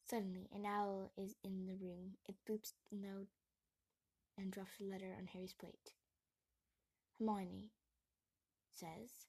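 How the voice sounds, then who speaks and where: A woman reading a play script aloud, stage directions included, often in a soft whisper. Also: medium pitch, level tone, a little slow, creaky, long pauses, husky. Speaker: reader.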